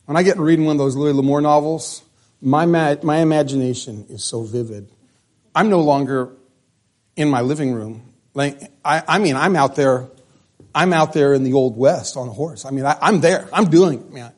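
A man preaching a sermon, emphatic, sometimes dropping to a hush, and often restarting his words. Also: fairly high pitch, normal speed. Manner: emphatic, drops to a hush for dramatic lines.

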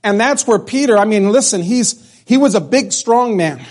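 Man, preacher, sermon, somewhat high voice, emphatic, stumbles and repeats words. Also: expressive, normal speed. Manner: emphatic, drops to a hush for dramatic lines.

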